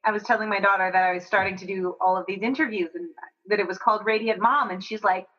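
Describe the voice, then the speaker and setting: A woman's voice: mid-range voice, fairly even intonation, fast, a bit bright, dull audio. A woman hosting a podcast, chatting in an affirming way with her guest. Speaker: podcast host. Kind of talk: casual interview chat.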